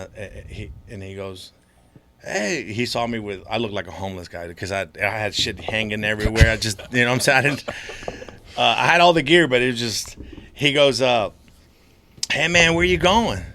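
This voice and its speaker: A man from Florida, a podcast guest telling animated stories in casual chat and acting out the voices of people he met. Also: on the low side, slight background noise. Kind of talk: casual storytelling.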